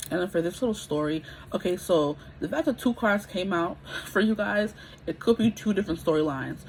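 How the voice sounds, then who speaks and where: A woman in her twenties gives a casual pick-a-card tarot reading, chatty and rambling, checking in with listeners often. Her mid-range voice is expressive and brisk, on a low-quality recording with some hiss or hum.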